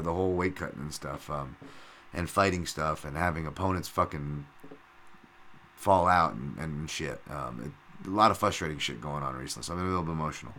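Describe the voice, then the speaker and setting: A man's voice: low voice, fairly bright tone, slight background noise. A middle-aged man hosting a casual solo podcast, rambling and swearing freely with lots of fillers and restarts. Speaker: podcast host.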